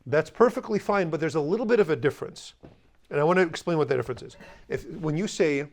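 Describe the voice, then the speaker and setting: A man's voice: on the high side, animated, darkish tone. Man teaching a language class. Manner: explanatory, conversational, repeats Chaldean words slowly. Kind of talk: classroom lesson.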